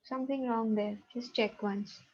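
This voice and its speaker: A woman's voice: a little high, fairly even intonation, normal speed, darkish tone. Patient woman teaching over dull call audio. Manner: patient, checking students' answers aloud. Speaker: math teacher. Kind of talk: online class teaching.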